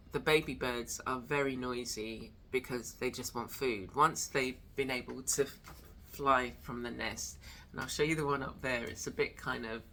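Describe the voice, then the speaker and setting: A woman's voice: very deep voice, bright, forceful tone, slight background noise. A woman hosting her own vlog, chatting loosely with many fillers as she walks from her home studio into the garden with a handheld camera. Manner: rambling, chatty, with many fillers and trailing thoughts. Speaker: host of an arts and wellness channel. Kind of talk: casual vlog chat.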